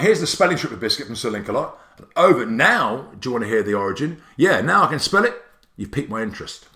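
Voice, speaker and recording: An enthusiastic man walks parents through a spelling app, full of jokes and sudden high squeals of excitement. His pitch swings widely as he talks. The sound is roomy and echoey. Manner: excitable, jokey, swoops up high on exclamations. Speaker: app creator presenting a tutorial. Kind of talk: enthusiastic explanatory walkthrough.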